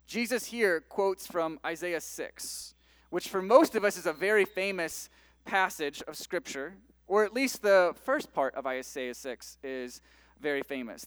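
A man's voice: high voice, expressive, a little slow, fairly bright tone, no room sound. A man preaching a sermon, reading scripture aloud and then explaining it in a conversational way. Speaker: pastor.

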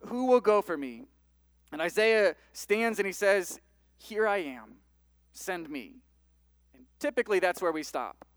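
A man's voice: high voice, a bit bright, dry recording. A man preaching a sermon, reading scripture aloud and then explaining it in a conversational way. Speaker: pastor.

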